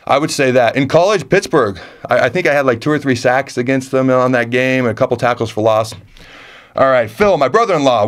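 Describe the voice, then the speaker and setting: Emphatic man answering fan questions. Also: mid-range voice. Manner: energetic, emphatic, repeats phrases for punch. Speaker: former football player answering fan questions. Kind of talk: casual chat reading viewer questions.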